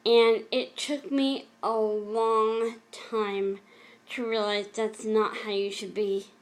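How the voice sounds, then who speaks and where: A middle-aged woman speaks to her viewers in a fairly high voice, telling a painful story from her past. She talks in an emotional, halting way, often stopping to restart or repeat a phrase. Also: flat delivery. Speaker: vlogger. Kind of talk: personal storytelling vlog.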